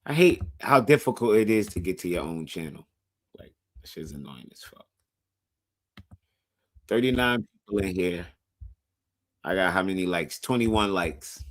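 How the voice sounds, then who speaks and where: A man's voice: low voice, lively intonation, a little slow, long pauses. A man live streaming in casual chat, profane and hyped, pushing his viewers.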